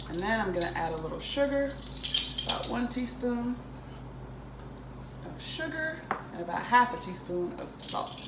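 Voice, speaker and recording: A woman's voice: a little high, sing-song, moderate pace, pauses often. A woman hosting a casual cooking demonstration in her kitchen, chatty and upbeat. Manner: chatty, upbeat, many ums and likes. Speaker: cooking show host. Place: home kitchen. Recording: echoey kitchen with background noise.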